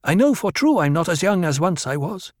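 A man's voice: sing-song, brisk, a little mellow, no echo. A man voicing an anxious, proud young desert woman in a raised, insistent voice, in a dry recording. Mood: wary. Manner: pleading, insistent, high put-on voice.

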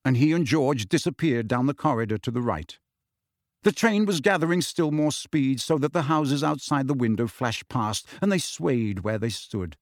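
Brief: male audiobook narrator, lively intonation, dry close mic. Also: medium pitch, moderate pace, dry recording. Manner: steady storytelling with shifting character voices.

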